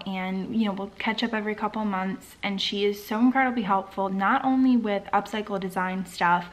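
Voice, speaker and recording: A woman's voice: medium pitch, a bit bright. A young adult woman talking in a casual personal vlog, candid and reflective, with lots of "like" fillers. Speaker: vlogger and startup founder.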